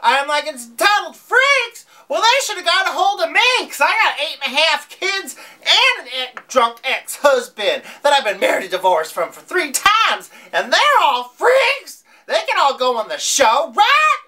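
A woman's voice: fairly high pitch, sing-song, measured pace, pushed and bright, heavily acted. A woman playing a brash, giggly, crude small-town news host in a comedy sketch.

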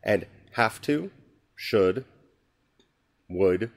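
A man hosting a podcast, reading a scripture passage slowly and musing on it in an earnest, conversational way. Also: lowish voice, expressive, creaky. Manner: slow, earnest, musing aloud. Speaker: podcast host. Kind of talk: reflective scripture talk.

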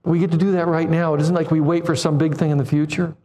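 A man in his seventies preaching a sermon, animated, acting out quoted voices and putting questions to the congregation. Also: a little high, fast talker, slight background noise. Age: 70s.

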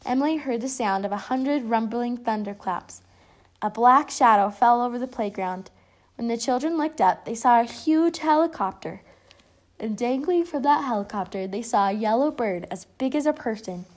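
A woman's voice: on the high side, normal speed. Woman reading a picture book aloud. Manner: lively, expressive storytelling. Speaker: storybook reader.

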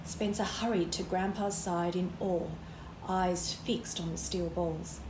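A woman's voice: on the low side, fairly even intonation, takes it slowly, noisy background. Woman reading a children's book, roomy sound. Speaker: author reading aloud. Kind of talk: children's book read-aloud.

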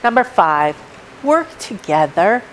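Slow, emphatic woman preaching. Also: mid-range voice, very animated, slight background noise, rough recording. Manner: emphatic, repeats key points, numbered list. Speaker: preacher at a church service. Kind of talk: sermon. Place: church sanctuary.

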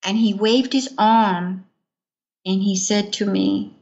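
A woman's voice: medium pitch, fairly even intonation, takes it slowly, darkish tone, muffled recording. A woman giving an earnest personal testimony in an interview, acting out the words of others as she tells it. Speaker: interview guest.

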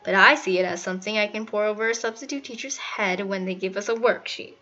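Joking teen boy, read by a woman, bright voice, muffled w faint music. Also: mid-range voice, fast, natural voice. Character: teenage boy, easygoing joker, awkward around a girl.

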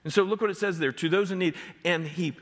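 A man's voice: high voice, fast, big-room sound. A man preaching a sermon as pastor, driving home numbered points with rising emphasis. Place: church sanctuary.

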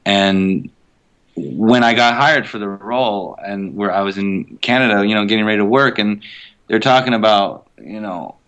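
A man's voice: lowish voice, normal speed, a bit bright, smooth, dull audio. A man being interviewed as a guest voice actor, talking casually and thoughtfully, with many fillers and restarts.

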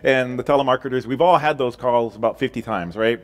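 A man's voice: mid-range voice, a little fast. A middle-aged man preaching a sermon as pastor, casual and joking in his announcements.

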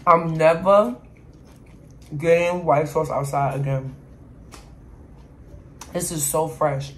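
A woman's voice: sits low, steady tone, slow, a little hiss or hum. Woman doing a cooking vlog, chatty w her viewers, eating + hyping her own salad. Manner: chatty, talks straight to viewers as y'all; playfully boastful about her food. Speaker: cooking vlogger.

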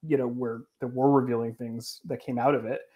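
A man's voice: mid-range voice, level tone, fairly quick, darkish tone. A man answering as a guest journalist, earnest and defensive, with many fillers as he explains himself. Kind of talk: interview answers.

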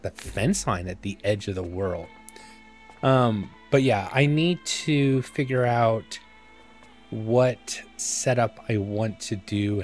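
A man giving casual let's-play commentary as a gaming YouTuber, rambling and self-mocking as he thinks aloud. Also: medium pitch.

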